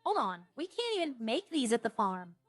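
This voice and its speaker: A woman streaming a roleplay game, talking casually as she plays. She rambles, trails off and restarts her thoughts. Her voice sits a little high and sounds dry and close, with faint music behind her. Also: sing-song, normal speed, no echo. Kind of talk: casual streaming chat while playing.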